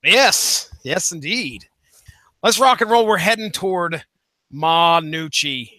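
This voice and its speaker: A man co-hosting a comics podcast, upbeat and quick to laugh in casual chat. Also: high-pitched, expressive, pushed and bright, dry recording. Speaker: podcast co-host.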